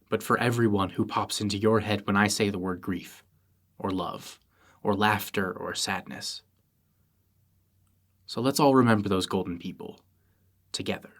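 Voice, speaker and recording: A man narrating his podcast in a scripted, quiet and earnest way. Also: fairly low pitch. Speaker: podcast host.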